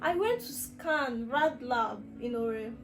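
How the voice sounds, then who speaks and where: A woman's voice: a little high, lively intonation, measured pace, soft background music. A young Nigerian woman vlogger telling a personal health story in an emotional, rambling way, full of restarts. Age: young adult.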